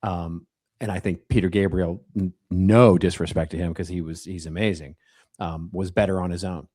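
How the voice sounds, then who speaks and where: A man's voice: sits low, fairly even intonation, moderate pace, darkish tone, breathy edge, no room sound, studio quality. A man co-hosting a podcast, chatting casually, joking and laughing easily. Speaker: podcast co-host.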